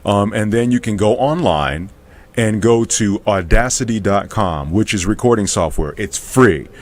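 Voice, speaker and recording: A man, a voice actor, chatting as a guest in an easygoing, unhurried way. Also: lowish voice, animated. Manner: easygoing, drawn-out with fillers. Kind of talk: casual interview chat.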